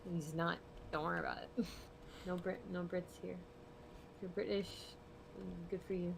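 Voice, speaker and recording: A young woman hosting an art stream who talks casually while she draws, rambling and laughing often, sometimes dropping to quiet mumbles as she works. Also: lowish voice, steady tone, a little slow, creaky, background noise. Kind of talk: casual chat while drawing.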